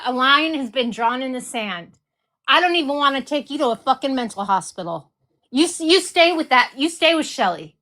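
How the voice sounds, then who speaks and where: Woman host, high-pitched, seething and swearing through a heated reaction rant. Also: bright, forceful tone. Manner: furious, swearing, repeating accusations. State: enraged. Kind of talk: heated commentary.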